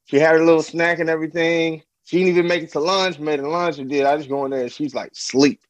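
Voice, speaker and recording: A man's voice: on the high side, fast talker, no room sound, low-quality recording. A young man chatting as a podcast guest about fatherhood, loose and laid-back, laughing often and acting out what people said. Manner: animated storyteller who acts out quotes in a raised voice. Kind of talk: casual interview chat.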